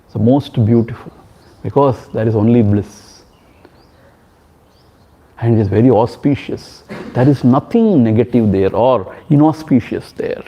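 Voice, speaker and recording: A man's voice: medium pitch, measured pace, long pauses. A man with an Indian English accent, a swami teaching a retreat, giving a spiritual discourse with a storyteller's emphatic repetitions. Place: ashram hall. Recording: dull lo-fi sound.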